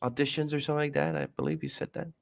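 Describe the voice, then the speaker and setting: A man's voice: fairly high pitch, fairly even intonation, rapid-fire, vocal fry, no echo. A man hosting a podcast interview, asking rambling questions and joking around. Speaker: podcast host. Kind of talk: interview chat.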